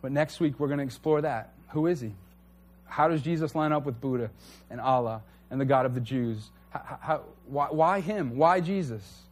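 A man's voice: mid-range voice, moderate pace. A man preaching a conversational sermon to a church congregation, earnest and candid. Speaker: pastor.

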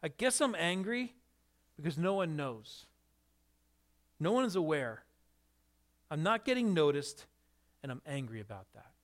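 Brief: a pastor reading the lines of a frustrated ex-soldier, voice pushed up high. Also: male voice, sing-song, measured pace, pauses often. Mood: upset. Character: upset young adult man, a former soldier.

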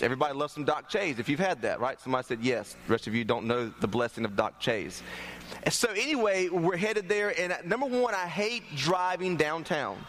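A young North Carolina pastor with a slightly high voice preaches a sermon in church as a lively, joking storyteller. He tells jokes and invites the congregation to respond, with a little hiss or hum in the recording.

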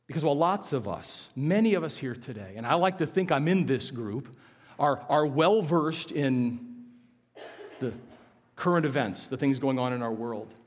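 A man preaching a sermon as pastor, shifting from forceful emphasis to hushed words and calling for responses from the congregation. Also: medium pitch, lively intonation, moderate pace. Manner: swings from loud emphatic preaching to hushed near-whispers. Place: church sanctuary. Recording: long hall reverb.

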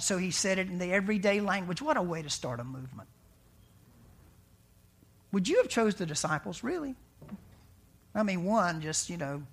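A man preaching a sermon in a conversational way, asking rhetorical questions and dropping to a hushed voice for dramatic lines. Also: sits high. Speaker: pastor.

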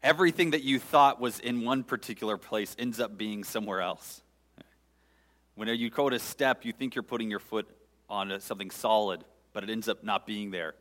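Deep-voiced pastor in a reverberant hall. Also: male voice, fairly bright tone. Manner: earnest, pausing, conversational with the congregation. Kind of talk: sermon.

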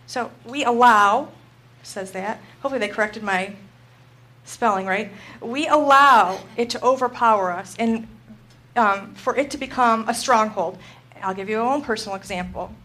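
A middle-aged woman teaching a Christian group, telling a personal story in an animated way and acting out her own panic. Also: on the high side, moderate pace.

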